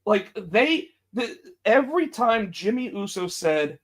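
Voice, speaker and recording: Animated high-voiced man recapping wrestling. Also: takes it slowly, hardly any pauses, slightly rough. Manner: animated, acts out quotes with big pitch jumps. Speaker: podcast co-host. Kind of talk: casual wrestling chat.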